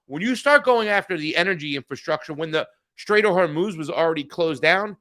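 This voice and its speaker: Brisk and expressive, a co-host on a political news podcast speaks in a slightly high voice that sounds pushed and bright. He's heated and profane in the casual conversation, frequently restarting what he's saying.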